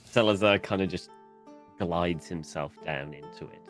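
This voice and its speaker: A tabletop player describing his character in slow, laconic narration. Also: low-pitched, soft background music.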